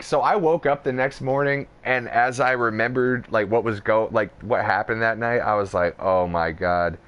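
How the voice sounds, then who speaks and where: A man's voice: lowish voice, a bit bright. A young man hosting a podcast, telling a rambling, profane story in casual chat with lots of fillers. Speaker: podcast host.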